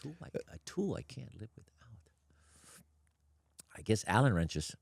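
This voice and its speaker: A man's voice: lowish voice, measured pace, creaky, dry recording. An older man, a guest on an interview podcast, telling stories bluntly and acting out both sides of conversations. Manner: blunt, animated, quotes others in dialogue. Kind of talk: casual interview storytelling.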